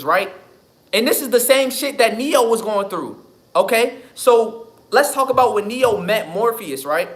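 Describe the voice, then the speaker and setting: High voiced guy w/ aave going off on a live, cussing and repeating stuff. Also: a bit bright. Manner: emphatic, profane, repeats himself. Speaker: livestream host. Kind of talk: casual livestream talk.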